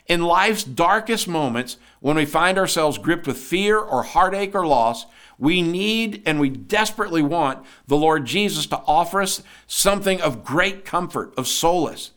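Male podcast preacher, earnest and emphatic, slightly higher voice, devotional sermon read. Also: animated, moderate pace, a bit bright. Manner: earnest, asks listeners rhetorical questions.

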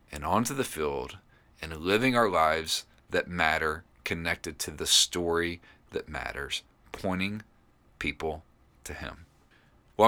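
A middle-aged man, a pastor hosting a podcast, delivering an earnest, encouraging devotional sermon with animated storytelling. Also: low voice.

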